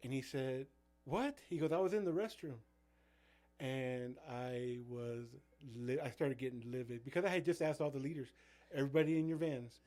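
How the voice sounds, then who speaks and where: A man's voice: medium pitch, fairly even intonation, brisk, few pauses, a little mellow. Rambling man telling ministry stories. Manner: rambling, full of fillers and restarts. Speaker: youth pastor. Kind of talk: casual storytelling chat.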